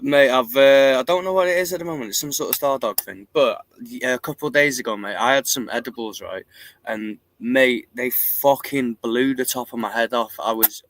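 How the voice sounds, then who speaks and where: A man's voice: medium pitch, normal speed, rough recording. A man co-hosting a casual chat over a headset, swearing a lot as he tells stories. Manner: swears constantly, animated storytelling. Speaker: podcast co-host.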